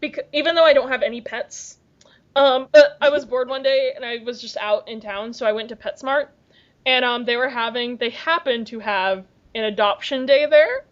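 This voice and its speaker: A woman's voice: on the high side, normal speed. A young woman co-hosting a podcast in casual chat, rambling and giggling through stories. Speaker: podcast co-host. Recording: lo-fi muffled podcast audio.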